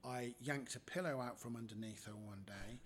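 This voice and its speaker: Casting note: man, comedian guest on a podcast, animated storyteller, mid-range pitch, faint hiss in the background. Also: normal speed. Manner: animated storyteller, acts out the people in his stories. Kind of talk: casual anecdotal storytelling.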